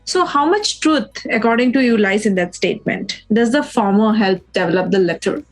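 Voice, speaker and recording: A woman podcast host with an ordinary mid-range voice puts formal, carefully phrased questions to her guest. She speaks in a measured way, with faint music behind her. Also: mid-range voice, expressive, poor audio. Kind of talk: interview questions.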